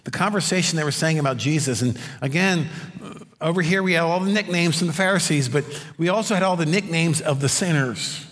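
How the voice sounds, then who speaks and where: Man, pastor, preaching a sermon, rhetorical questions, slows for emphasis, long hall echo. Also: fairly high pitch, fairly bright tone.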